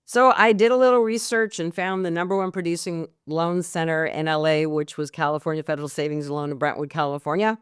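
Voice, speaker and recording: A middle-aged woman tells her story as a podcast guest, candid and animated. Her voice is smooth and clear. The recording is dry and close, with no room sound. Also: sits low, brisk, few pauses, dry recording. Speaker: guest, mortgage coach.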